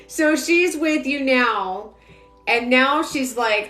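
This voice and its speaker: A woman's voice: high-pitched, slow, sharp tone. A young adult woman giving a psychic reading on a live stream, rambling with lots of filler words. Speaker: psychic medium. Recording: roomy echo, faint music behind.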